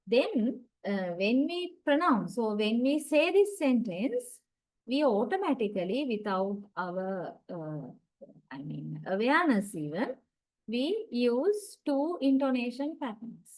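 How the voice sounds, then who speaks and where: A woman lecturer giving an online class, explaining slowly with many fillers. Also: fairly high pitch, sing-song, darkish tone, low-quality recording. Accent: South Asian English.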